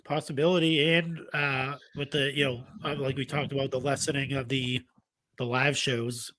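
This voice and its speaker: A man's voice: mid-range voice, little pitch movement, moderate pace, pushed and bright. A man co-hosting a casual wrestling podcast, rambling with many fillers like "you know" and "uh". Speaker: podcast co-host. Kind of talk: casual chat.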